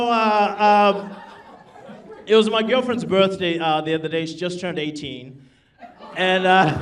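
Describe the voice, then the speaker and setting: A man's voice: sits high, background noise. A male stand-up comedian doing a crude, brash set in a comedy club, laughing at his own jokes. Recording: distant stage mic, loud crowd. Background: audience laughter.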